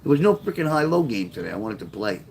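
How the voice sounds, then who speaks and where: A man's voice: medium pitch, big pitch swings, fast, gravelly, a little mellow, a little hiss or hum. A middle-aged man, casually telling a street story on his livestream, in a rambling, profane way. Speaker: author livestreaming to chat.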